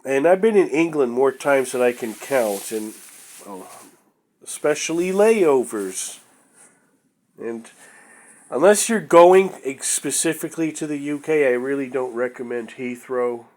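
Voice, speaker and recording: A man with a stuffy nose talks through his collection at an unhurried, drawn-out pace, his voice sitting in a middling register. He rambles and hesitates, leaning on fillers and tossing in blunt opinions. It sounds like a casual, chatty home vlog. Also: mid-range voice, expressive, darkish tone. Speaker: vlogger. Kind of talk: casual show-and-tell vlog.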